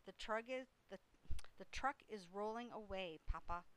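A woman voicing an anxious young farm girl who cries out loudly in a storybook reading. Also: medium pitch, normal speed, smooth, natural voice, poor audio. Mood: flustered.

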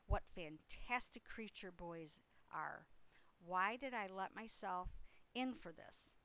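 A woman voicing a grumpy male rat who grumbles slowly in a storybook reading. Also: medium pitch, lively intonation, pushed and bright, exaggerated voice, rough recording. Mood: grumbling.

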